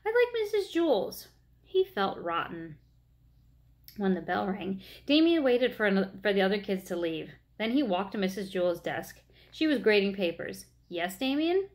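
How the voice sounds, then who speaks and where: At a moderate pace, a mid-range female voice reads a children's story aloud with gentle expressiveness.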